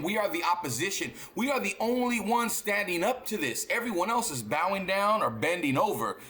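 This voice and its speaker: A man's voice: sits high, bright, forceful tone. A man hosting a reaction channel, talking in a blunt, profane, emphatic way and often repeating words as he rants and tells a story. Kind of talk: casual reaction monologue.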